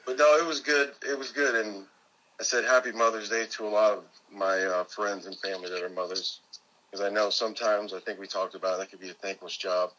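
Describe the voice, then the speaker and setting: A man's voice: on the low side, steady tone, a little fast, sharp tone, a little hiss or hum, rough recording. A man from Florida, a guest calling in by phone, chatting casually and joking easily. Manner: easygoing, joking, chuckling storyteller. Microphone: phone call.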